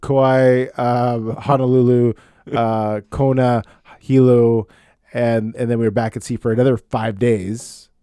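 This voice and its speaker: This is a middle-aged man in casual podcast talk, rambling through his points with plenty of restarts and fillers. His voice sits at an ordinary pitch and comes across close and dry, with no room around it. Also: little pitch movement, a little slow, warm tone, clear, resonant tone, dry recording. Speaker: podcast co-host. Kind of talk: casual chat.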